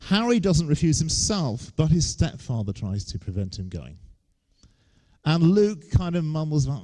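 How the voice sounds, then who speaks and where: A man's voice: on the high side, sing-song, normal speed, warm tone. A man, giving a humorous lecture on stage with wry, joking asides. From England.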